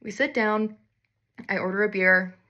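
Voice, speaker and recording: Young woman spilling a wild story, bright sharp voice, wry and sweary, laughs at herself. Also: mid-range voice, steady tone, a little slow. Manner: candid, wry, swears freely, self-mocking. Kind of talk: casual storytime monologue.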